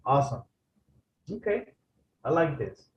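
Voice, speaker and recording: A man's voice: mid-range voice, big pitch swings, unhurried, roomy sound, muffled recording, a little hiss or hum. A man tutoring a student in a casual session, encouraging him and checking often that he is ready. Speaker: English tutor.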